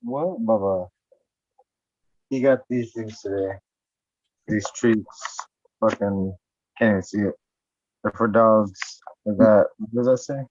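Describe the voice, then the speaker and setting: Low-voiced guy, reluctant and mumbly in group banter; dry sound. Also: steady tone, takes it slowly, long pauses, a little mellow, no room sound, highs cut off. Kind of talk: casual chat among friends.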